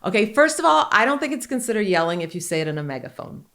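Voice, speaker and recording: With a mid-range voice, a quick pace and noticeable vocal fry, a woman in her forties hosts a podcast, casually joking and telling candid stories in an animated way.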